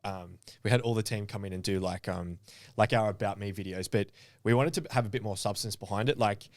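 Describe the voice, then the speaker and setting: A man hosting a podcast, telling stories in an animated, swearing, laughing way. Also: lowish voice, a little fast, no room sound. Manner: animated storyteller, swearing and laughing, acting out quotes. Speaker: podcast host. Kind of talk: casual chat.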